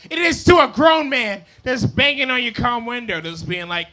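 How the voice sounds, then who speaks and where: A man's voice: very high-pitched, sing-song, normal speed, loud music behind the voice. A drunk young man doing a rambling, apologetic stand-up set on a comedy club stage. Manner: rambling, apologetic, loose and loud.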